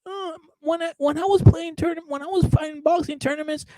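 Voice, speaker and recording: A man's voice: very high voice, steady tone, fairly quick, warm tone, dry recording, pitched above the performer's own voice. A man voicing a whiny, spoiled young male boxer who complains about his childhood. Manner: whining, sing-song mockery.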